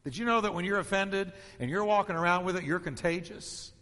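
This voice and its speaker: Male pastor, high bright voice, emphatic rhythmic preaching, long hall reverb. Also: brisk. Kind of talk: sermon.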